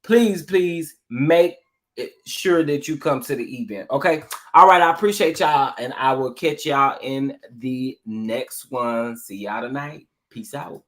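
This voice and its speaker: A man's voice: mid-range voice, measured pace. A man hosting a casual livestream, talking animatedly and repeating himself as he addresses his viewers. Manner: animated, repetitive, talks straight to the chat. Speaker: livestream show host.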